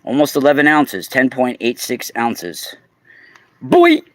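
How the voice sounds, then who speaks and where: A man chatting casually on a livestream, exclaiming loudly and talking straight to his viewers while selling crystals. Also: medium pitch, lively intonation, unhurried, dry recording. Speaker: crystal seller and podcaster. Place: indoors at home.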